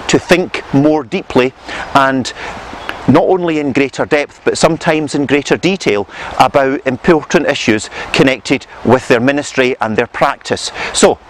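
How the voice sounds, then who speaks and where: Measured, earnest man teaching outdoors. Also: mid-range voice, a little hiss or hum. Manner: measured, earnest, gently pastoral. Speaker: minister teaching theological reflection. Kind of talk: reflective teaching talk to camera. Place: outdoors on a rural path and hillside.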